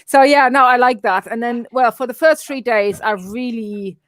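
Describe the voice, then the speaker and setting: A woman's voice: on the high side, moderate pace, no echo, studio quality, soft background music. Cheerful woman with a German accent. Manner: cheerful, laughing between sentences. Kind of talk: casual interview chat.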